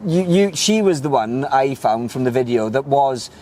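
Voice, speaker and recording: A man's voice: mid-range voice, expressive, darkish tone. A man interviewing a guest in a casual chat, agreeing often and restarting his sentences. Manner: agreeable, frequent "yeah" backchannels, halting restarts.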